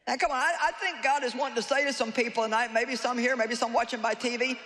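A woman's voice: on the high side, steady tone, quick pace, few pauses, fairly bright tone. A woman preacher delivering a conversational, humorous sermon to a live audience, often teasing her listeners. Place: large hall with live audience. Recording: reverberant hall, faint noise.

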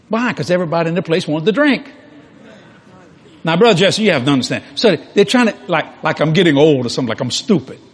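An older man preaching, telling a story in a folksy, animated way and acting out the dialogue. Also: a little high, husky. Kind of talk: sermon storytelling.

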